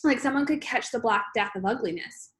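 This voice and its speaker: A woman's voice: on the high side, lively intonation, a little fast, a bit bright. A woman reading aloud, voicing a witty schoolboy who jokes in a dry, sarcastic way. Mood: wry. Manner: dry, joking.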